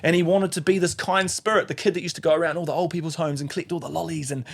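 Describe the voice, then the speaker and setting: A man's voice: a little high, fairly even intonation, racing, vocal fry. A man in his thirties with a New Zealand accent, a podcast guest telling an emotional story, swearing freely and acting out other people's voices.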